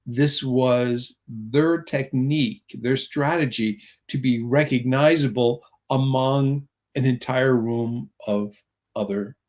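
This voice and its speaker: A man's voice: medium pitch, slow pace, darkish tone. A middle-aged man talking as an interview guest, earnest and rambling, telling personal stories and acting out what others said. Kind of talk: conversational storytelling.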